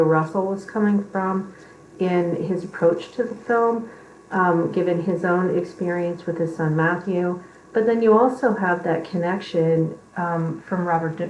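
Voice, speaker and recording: A woman's voice: fairly low pitch, darkish tone, dull audio, slight background noise. Lecturing woman in an echoey room. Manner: conversational, with frequent ums. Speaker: instructor.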